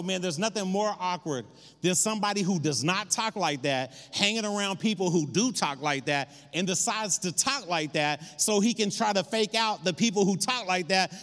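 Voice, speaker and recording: A man preaching a sermon, retelling scripture in an animated storytelling way and acting out the voices of its people. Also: high-pitched. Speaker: pastor. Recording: long hall reverb.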